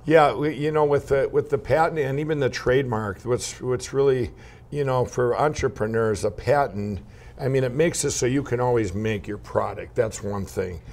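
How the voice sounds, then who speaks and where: A man from Minnesota, a guest in an interview, telling rambling, animated anecdotes full of restarts and laughs. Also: medium pitch, moderate pace, creaky. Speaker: guest entrepreneur. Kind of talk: casual interview storytelling.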